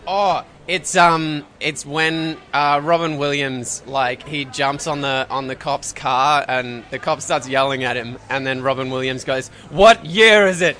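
Guy with a bright sharp voice, stop-start casual talk about movies. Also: medium pitch, flat delivery, a little slow, hardly any pauses, slight background noise. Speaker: contestant. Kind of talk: casual chat.

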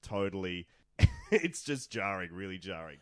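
A man's voice: low voice, very animated, unhurried, a bit bright, no room sound, studio quality. An Australian man talking films casually as a podcast co-host, saying "like" a lot and laughing easily. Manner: laughs often, says "like" a lot. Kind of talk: casual film discussion.

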